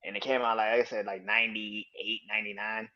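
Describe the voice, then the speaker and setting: A man hosting a casual solo podcast, talking in a loose, profane, excited way and laughing often. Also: on the low side, a little fast, highs cut off. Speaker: podcast host.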